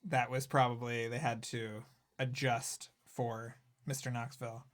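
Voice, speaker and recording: A man's voice: mid-range voice, little pitch movement, unhurried. A man hosting a podcast, asking short, casual questions of his guest. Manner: brief questions and asides. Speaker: podcast host.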